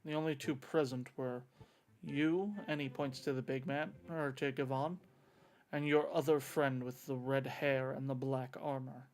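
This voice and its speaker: A man's voice: medium pitch, fairly even intonation, unhurried. A man running a tabletop role-playing game, narrating what characters do and speaking their lines in his own voice. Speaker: game master.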